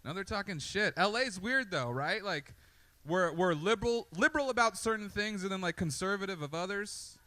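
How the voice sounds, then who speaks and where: A man's voice: high-pitched, animated, moderate pace, sharp tone, dry recording. A man doing a loose, conversational stand-up comedy set with swearing and asides, on a comedy club stage into a handheld mic. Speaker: stand-up comic.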